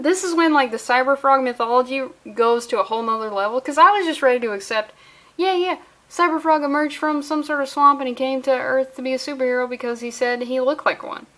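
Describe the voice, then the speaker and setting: A woman's voice: high voice, fairly bright tone. A woman reading a comic aloud and mocking it, with a sarcastic, profane, riffing manner. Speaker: comic reviewer. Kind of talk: comedic comic-book reading.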